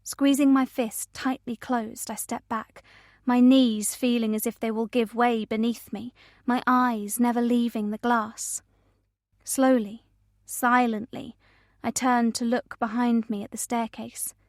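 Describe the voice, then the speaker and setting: A woman narrating a first-person thriller audiobook in a measured, tense way. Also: a little high, flat delivery, a little mellow, no echo, studio quality.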